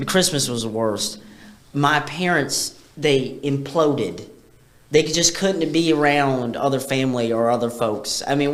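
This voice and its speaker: A woman co-hosting a podcast, telling stories in an animated, profane way. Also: low-pitched. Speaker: podcast co-host. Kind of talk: casual podcast chat.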